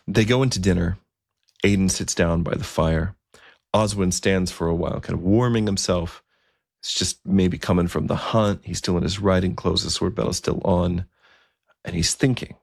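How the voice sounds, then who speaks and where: A man telling a historical story in a relaxed, conversational way, with asides and fillers. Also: low voice, moderate pace, creaky, no echo, clean studio sound.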